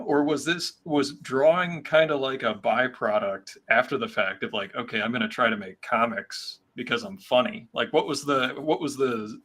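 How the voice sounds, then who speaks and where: A man's voice: fairly low pitch, bright, forceful tone, slightly rough. A man hosting a live stream, asking easygoing, curious questions in a casual interview. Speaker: host.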